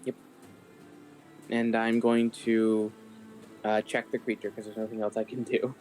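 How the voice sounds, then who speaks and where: A man's voice: on the low side, flat delivery, a little slow, a little mellow, faint music behind. A man playing in a tabletop game, chatting casually and rambling with lots of fillers. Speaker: player.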